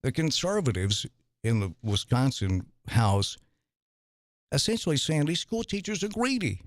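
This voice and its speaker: A man's voice: mid-range voice, sing-song, no room sound. A man debating for mayor on the radio, telling folksy stories with frequent restarts and hesitations. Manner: halting, restarts, folksy storytelling. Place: radio studio.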